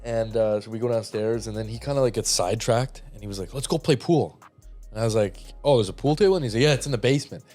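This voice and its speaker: A man's voice: on the low side, rapid-fire, hardly any pauses, darkish tone, soft background music. A man in his twenties, a podcast co-host, telling a rambling family story in casual chat, laughing often and acting out the people he quotes.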